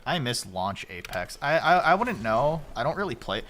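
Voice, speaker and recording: A man's voice: medium pitch, a little fast, slight background noise. A male streamer chatting casually and joking while playing a game with a friend. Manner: joking, excitable, swears. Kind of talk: casual gaming chat.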